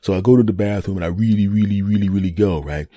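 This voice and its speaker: A man's voice: lowish voice, quick pace, warm tone, no room sound. A man hosting a podcast, telling a rambling comic story and repeating words for effect. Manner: repetitive, rambling, builds jokes by repeating words. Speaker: podcast host.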